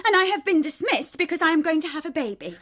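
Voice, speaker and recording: Defiant, high-voiced young daughter. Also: female voice, very animated, moderate pace, a bit bright, full character voice. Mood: bitter. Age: young adult. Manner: sarcastic, defiant, tearful. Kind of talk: radio drama acting.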